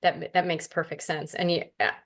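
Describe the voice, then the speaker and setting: Low-voiced woman, emotional and hesitant. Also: little pitch movement, normal speed, fairly bright tone. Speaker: client. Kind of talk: casual conversation.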